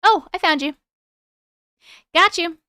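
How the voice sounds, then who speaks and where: A woman's voice: extremely high pitch, slow pace, sharp tone, dry recording, clean studio sound. A woman hosting a live stream, chatting playfully and reading viewers' strange stories aloud with little asides.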